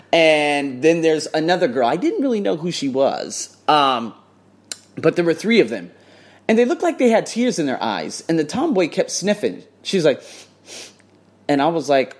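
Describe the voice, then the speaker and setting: A man tells a story in a loose, unscripted vlog, swearing freely and acting out what others said. His voice sits a little high and swings up and down. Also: moderate pace. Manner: animated, swears freely, acts out quotes. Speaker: English test tutor.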